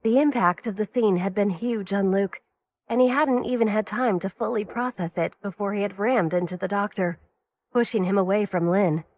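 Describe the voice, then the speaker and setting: A woman reads a dramatic story in a steady, even narrating voice. Her pitch sits in the middle of the range. The recording is dull and lo-fi. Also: moderate pace, no echo. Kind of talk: scripted audiobook narration.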